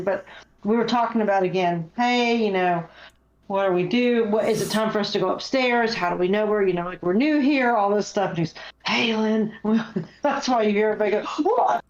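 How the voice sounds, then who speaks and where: A woman's voice: medium pitch, moderate pace. An American woman, a guest paranormal investigator, telling stories in casual chat and acting out the voices she heard. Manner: animated storyteller, acts out voices. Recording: echoey, dull lo-fi sound.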